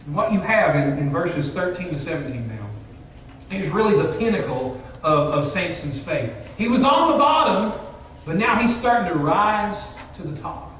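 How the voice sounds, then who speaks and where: High-voiced pastor preaching in an echoey hall. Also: male voice, very animated, normal speed, a bit bright, distant mic. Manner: earnest, emphatic preaching with rhetorical questions. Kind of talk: sermon. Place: church sanctuary. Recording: echoey church hall, mic from afar.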